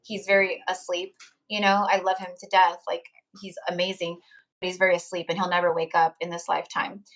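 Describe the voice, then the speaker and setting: Hosting a live tarot stream, a young woman chats casually in a rambling, heartfelt way, full of fillers and restarts. Her voice is on the low side with little pitch movement, fairly quick and fairly bright in tone.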